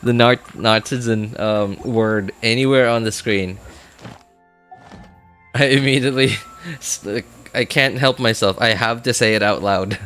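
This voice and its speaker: Faint music plays behind a streamer whose smooth, fairly bright voice sits on the low side and moves unhurriedly. He chats casually about his game, rambling with fillers and laughing at himself often.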